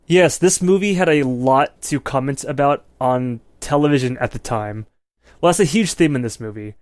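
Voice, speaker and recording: Clean studio sound with no room echo carries a man's medium-pitched, slightly mellow voice at a moderate pace. Co-hosting a relaxed movie review podcast, he talks at rambling length, constantly dropping "like" and "you know."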